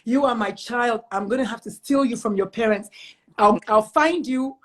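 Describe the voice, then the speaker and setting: Brief: gushing woman host on a video call, husky, highish voice. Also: normal speed. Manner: effusive, gushing and emphatic. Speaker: talk show host. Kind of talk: online interview show.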